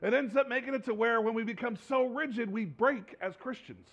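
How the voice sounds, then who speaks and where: The recording is muffled: a pastor with an extremely high-pitched voice preaches fairly quickly to his congregation in a church sanctuary. He talks conversationally and often repeats and restarts his words.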